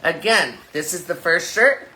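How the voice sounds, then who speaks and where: Sassy drag performer, bright lively voice. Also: male voice, fairly high pitch, unhurried. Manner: sassy, crude deadpan jokes. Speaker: drag performer selling merch on a livestream. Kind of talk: campy livestream sales pitch. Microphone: phone livestream.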